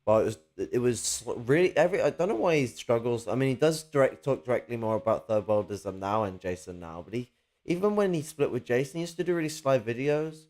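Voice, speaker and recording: A man's voice: medium pitch, lively intonation, a little fast, a little mellow. A man in casual political chat, ranting and cursing with sarcastic jabs.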